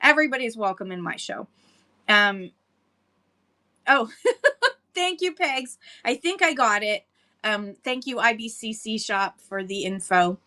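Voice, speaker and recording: A woman's voice: fairly high pitch, expressive, a little slow, pauses often, bright, forceful tone. A woman hosting a casual livestream chat, chatty and laughing often as she greets viewers by name. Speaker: livestream seller host.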